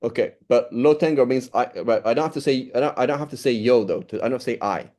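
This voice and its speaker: A man's voice: mid-range voice, fast talker, a little mellow. A man teaching an informal Quran study class, explaining step by step and checking in with his listeners often.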